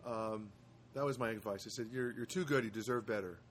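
A man's voice: fairly low pitch, a little fast, fairly bright tone, slight background noise. A man hosting his own show from a studio apartment, telling stories in a rambling casual monologue with wry asides and many hesitations.

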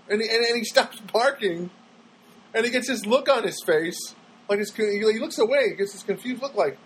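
A man's voice: extremely high pitch, brisk, a little hiss or hum, rough recording. A man telling a rambling comic monologue at home, stammering and restarting as he goes. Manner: rambling, stammering, animated storytelling.

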